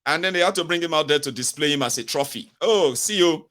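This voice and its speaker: A man's voice: fairly high pitch, rapid-fire, bright, forceful tone. A man with a Nigerian accent hosting a live-stream political commentary, talking in a mocking way and slipping into pidgin. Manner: mocking, acts out quoted voices, mixes in pidgin. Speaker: host.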